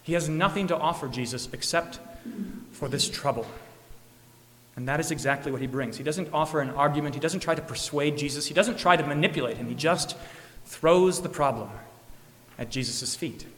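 A man's voice: normal speed, a little hiss or hum. Man preaching in a reverberant church. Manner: earnest, with rising emphatic peaks and soft low endings. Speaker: pastor. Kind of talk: sermon.

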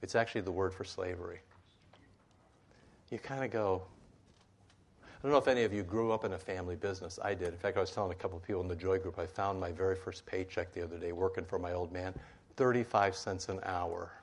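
A man's voice: low-pitched, steady tone, quick pace. A man preaching a sermon in a conversational way, with asides and rhetorical questions, in a meeting room with a board.

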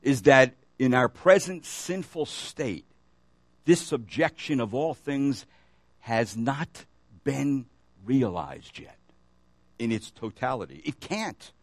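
A man's voice: mid-range voice, expressive, slow pace, no echo. A man preaching a sermon as pastor, reading scripture aloud and asking the congregation questions as he goes. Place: church.

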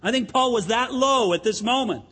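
A man's voice: extremely high pitch, moderate pace, bright, forceful tone, slightly rough. A pastor preaching a sermon in an earnest, emphatic way, addressing his listeners as friends in a church sanctuary. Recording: long hall reverb.

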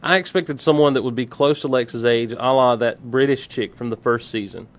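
A man's voice: mid-range voice, moderate pace. Man, podcast co-host, casual chat, wry jokes, opinionated.

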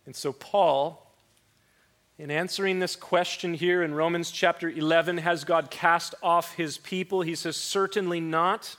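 A man with a high voice preaching a sermon. He moves from loud, pointed rhetorical questions to quiet, measured scripture reading. When he quotes a sulking prophet, he drops into a mopey tone. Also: fairly even intonation. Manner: mock-mopey voice when quoting a complaining prophet.

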